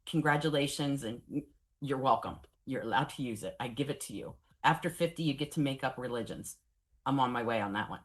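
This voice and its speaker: Low-voiced woman giving a candid trauma lecture. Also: a little fast. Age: 40s. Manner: candid, animated storytelling with wry humor. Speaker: trauma and grief trainer. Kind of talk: professional training lecture.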